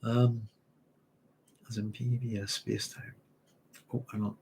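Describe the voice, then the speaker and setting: A man's voice: lowish voice, little pitch movement, slow pace, gravelly, a little mellow, slight background noise. A man hosting a live chat, rambling and hesitant as he reads out viewer comments. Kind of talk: casual live-stream chat.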